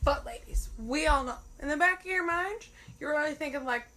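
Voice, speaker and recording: A woman's voice: high voice, brisk, hardly any pauses, bright, forceful tone. A young woman telling a casual comic monologue, swearing freely and acting out her own thoughts. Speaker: comedian.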